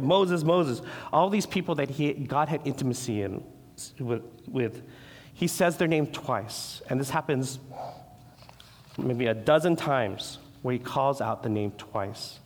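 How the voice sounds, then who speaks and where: A man preaching a sermon as pastor, earnest, restarting his words and acting out the quoted voices. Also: medium pitch. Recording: long hall reverb.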